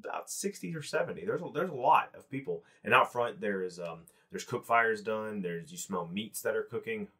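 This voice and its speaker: A man's voice: fairly low pitch, animated, moderate pace, few pauses, sharp tone, breathy edge. A man narrating a tabletop game as game master, in a rambling, easygoing way. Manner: rambling, full of restarts and fillers.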